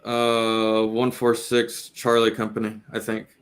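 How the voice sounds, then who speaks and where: A man's voice: on the low side, completely flat delivery, takes it slowly. A man in his thirties, an army veteran, chatting casually and hesitantly as he tries to recall details. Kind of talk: casual chat.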